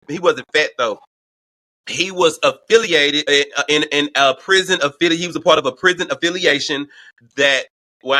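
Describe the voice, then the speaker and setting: A man from Houston hosting a show, telling a wild prison story in a loud, profane, gossipy way. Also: on the high side, no echo. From Houston, Texas. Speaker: host. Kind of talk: casual storytime commentary.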